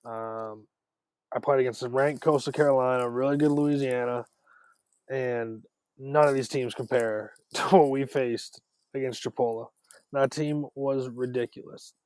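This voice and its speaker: A man talking as a podcast guest in casual chat, animated, with quick runs of words and restarts. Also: medium pitch, clean tone, no echo. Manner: animated, talks in quick runs with repeated starts. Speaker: podcast guest, former college ballplayer.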